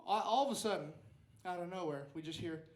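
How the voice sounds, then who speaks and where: A man's voice: high-pitched, roomy sound. A young man telling a rambling story at an open mic stand-up set, acting out the quotes. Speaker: stand-up comedian. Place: small club stage.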